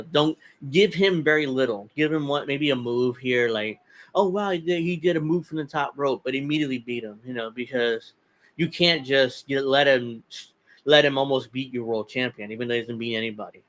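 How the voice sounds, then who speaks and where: A man's voice: mid-range voice, brisk, fairly bright tone. A man hosting a casual wrestling podcast, opinionated and rambling, chuckling often as he talks. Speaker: podcast host.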